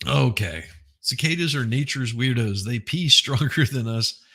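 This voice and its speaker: Gravelly husky man, blunt commentator. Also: mid-range voice, animated, measured pace, sharp tone. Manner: blunt, repeats words, laughs often. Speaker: host of a news commentary channel. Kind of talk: casual opinionated commentary.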